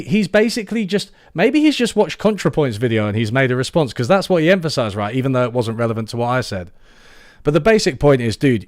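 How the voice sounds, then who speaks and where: A young man talks casually to a live-stream audience, sarcastic and amused, breaking off into restarts. His voice sits at an ordinary middle pitch. The sound is dry and close, with no room around it. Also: no echo. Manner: sarcastic, laughing, trailing off into restarts. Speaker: YouTube channel host.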